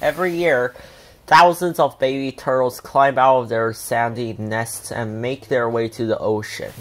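A man reading a children's picture book aloud in a slow, deliberate, gentle way. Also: medium pitch, steady tone. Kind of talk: storybook read-aloud.

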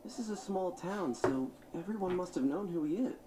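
A woman's voice: lowish voice, lively intonation, moderate pace, very noisy, lightly acted. An actress voicing a frank, doubtful teenage schoolgirl in a video game, with game music behind her.

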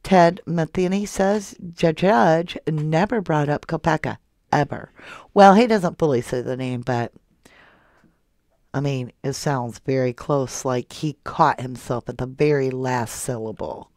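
Soft-voiced lady reading out chat on her true crime stream, bit of vocal fry, dry close sound. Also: deep voice, measured pace, no room sound. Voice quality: soft-spoken. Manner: affectionate toward viewers, calls them love and honey. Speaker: true crime channel host. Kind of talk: livestream chat, reading viewer comments.

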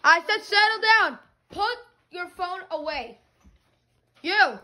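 A woman plays a frazzled schoolteacher losing control of her class in a comedy skit. She stammers and repeats herself, begging everyone to settle down. Her voice sits high, with a bright, sharp edge. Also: lively intonation, slow pace, exaggerated voice. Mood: exasperated. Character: flustered female schoolteacher trying to control a class.

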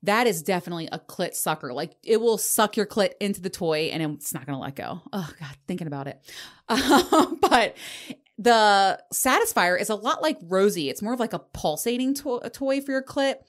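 A woman's voice: mid-range voice, normal speed. A woman in her forties hosting a solo podcast, telling stories in a candid, profane way with frequent laughter. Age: 40s. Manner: profane, laughing, animated storytelling. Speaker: podcast host.

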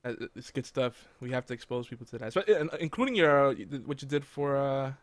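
A man hosting a casual podcast chat, talking in quick animated bursts and laughing often. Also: medium pitch, no echo. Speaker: podcast host.

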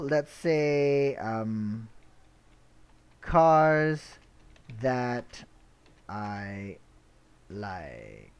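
A man explaining website setup step by step in a screen-recorded tutorial, relaxed, with frequent "uh" and "all right?" checks. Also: on the high side. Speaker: web tutorial instructor.

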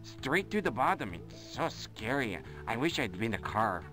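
A woman's voice: rumbling low, big pitch swings, normal speed, a bit bright, exaggerated voice. A woman voicing a dull, fearful male wooden boat in a kids' game. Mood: glum. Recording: game audio with music.

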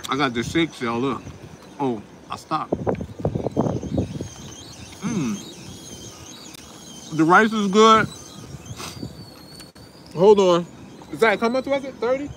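Speaking slowly and pausing often, a high-voiced man from Newark, New Jersey keeps up lively, slightly bright chatter aimed straight at his viewers, chewing as he goes. He's a vlogger in a casual food vlog and sounds a touch sniffly. He's outdoors in a windy parking lot, with faint wind in the background.

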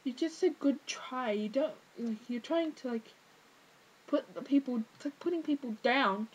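A teenage girl vlogs a casual rant to camera, exasperated and rambling with lots of fillers. Her voice sits high and slightly rough at a moderate pace, and the audio is poor.

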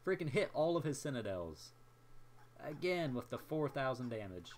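Excitable young man narrating his gameplay. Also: medium pitch, normal speed. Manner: excitable, jokey, talks to himself while playing. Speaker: gameplay commentator. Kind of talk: casual gameplay commentary.

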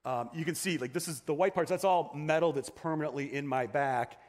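In a church sanctuary, a pastor shares his personal story as a sermon testimony. His voice is a little high, brisk and darkish, and his delivery is conversational, full of fillers and restarts.

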